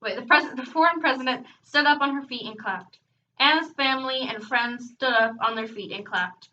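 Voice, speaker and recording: A woman reading a children's book aloud, expressive, breaking off now and then for casual chatty asides. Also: sits high, moderate pace, slight background noise. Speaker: reader hosting a read-aloud channel. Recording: dull, distant home recording.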